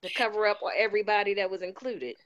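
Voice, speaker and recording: A woman with a Baltimore accent, chatting animatedly and incredulously as a podcast co-host. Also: mid-range voice. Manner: animated, incredulous, quick asides. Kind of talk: casual chat. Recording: slightly muffled lo-fi audio.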